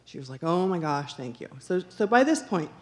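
A woman's voice: fairly low pitch, very animated, fairly quick, a little mellow. A woman sharing a personal testimony in an earnest storytelling manner, acting out the dialogue she recounts and repeating phrases for emphasis. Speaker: church member sharing a testimony.

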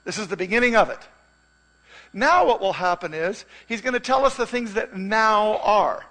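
A man preaching in a church with a high, bright voice. He talks to the congregation in a loose, conversational way. He stays animated and now and then sings out a musical phrase. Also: normal speed. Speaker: pastor. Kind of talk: sermon.

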